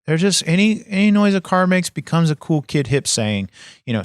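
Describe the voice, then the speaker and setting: A man's voice: on the high side, normal speed, no echo, clean studio sound. A man co-hosting a comedy podcast, brash, profane and exasperated. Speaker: podcast co-host.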